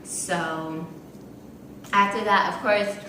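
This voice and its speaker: A young adult woman telling a casual storytime to the camera, chatty and animated with lots of fillers. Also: mid-range voice, extremely slow, recorded from a distance, a little hiss or hum. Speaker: vlogger. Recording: echoey room from off-mic.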